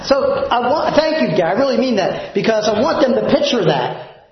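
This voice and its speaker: A male pastor preaching a sermon in a church, emphatic, dropping low and soft for prayers. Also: big pitch swings, normal speed. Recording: very echoey, dull church recording.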